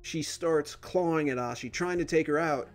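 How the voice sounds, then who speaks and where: A man's voice: a little high, normal speed, soft background music. A man hosting a reaction video, casually retelling a cartoon episode with lots of fillers.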